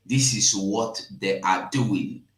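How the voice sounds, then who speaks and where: A man with a Nigerian Pidgin accent hosting a casual live stream, emphatic and repetitive, jumping from loud bursts to hushed asides. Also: lowish voice, takes it slowly, reverberant. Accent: Nigerian Pidgin English.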